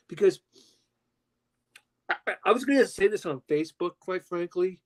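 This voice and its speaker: Man, high voice, very lively pitch, loud profane rant, podcast co-host. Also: low-quality recording. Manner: loud, profane, animated ranting. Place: at home with his dog.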